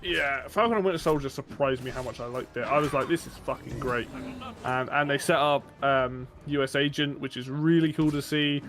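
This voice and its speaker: Male streamer, casual chat, enthusiastic rambler, mid pitch. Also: moderate pace, over music. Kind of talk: casual chat while gaming.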